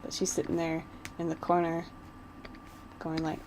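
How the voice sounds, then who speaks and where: A woman's voice: low-pitched, completely flat delivery, normal speed, background noise. A woman vlogger chatting casually while she doodles, rambling and giggling like a gushing fan.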